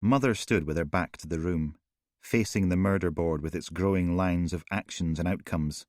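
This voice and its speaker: Low grave male narrator. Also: normal speed, darkish tone. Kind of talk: scripted audiobook narration.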